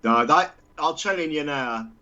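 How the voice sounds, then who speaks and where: A man's voice: a little high, expressive, unhurried, pushed and bright, dull audio. A man talking heatedly on a live stream, stammering and repeating himself.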